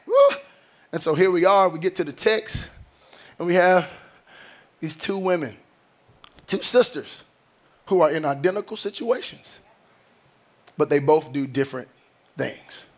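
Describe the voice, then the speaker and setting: A man preaching a sermon. He mixes casual, slangy storytelling with a sing-song preaching cadence and calls out to the congregation. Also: fairly high pitch. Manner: conversational and slangy, with call-and-response.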